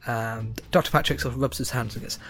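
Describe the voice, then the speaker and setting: A man's voice: medium pitch, steady tone, fast talker, fairly bright tone. A man narrating as game master of a tabletop game, casual and full of fillers.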